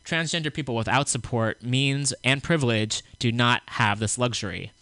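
Radio host, male, blunt commentary while reading aloud, forceful crisp tone. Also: mid-range voice, no room sound. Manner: blunt, opinionated asides; reads a statement aloud with halting restarts. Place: small radio studio.

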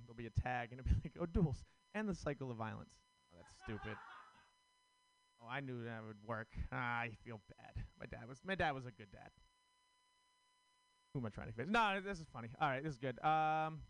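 A man's voice: fairly high pitch, fairly bright tone, clear, resonant tone, rough recording. A man doing a stand-up comedy set on a club stage, rambling and self-deprecating, with many fillers. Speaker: stand-up comic.

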